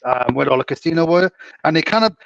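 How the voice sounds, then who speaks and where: A man's voice: a little high, animated, fast talker, vocal fry, a bit bright, no room sound. A man from Canada telling rambling anecdotes in a casual chat, with many restarts. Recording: distant, muffled mic.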